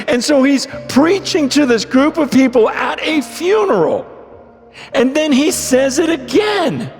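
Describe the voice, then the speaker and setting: Male preacher, high voice, unhurried, hushed-to-shouted delivery, long hall echo with soft music underneath. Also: very animated. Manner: dramatic swings from hushed to shouted. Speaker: pastor. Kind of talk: sermon storytelling.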